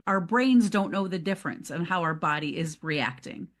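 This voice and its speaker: A woman co-hosting a motivational podcast in casual chat, animated and laughing often, acting out quoted self-talk. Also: on the low side, moderate pace. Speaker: podcast co-host.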